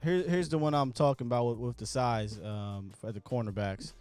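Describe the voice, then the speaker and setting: A man's voice: medium pitch, moderate pace, a little mellow, clear, resonant tone, dry recording, soft background music. A man hosting a casual sports talk show, chatty and jokey as he talks through his points.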